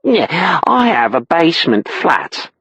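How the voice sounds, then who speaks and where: A man voicing a brash, flirtatious woman in a rundown bar, in a leering, drawn-out manner. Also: fairly high pitch, huge pitch swings, a bit bright, slightly rough, no room sound, pitched above the performer's own voice, exaggerated voice. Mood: flirty. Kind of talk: audiobook character voice.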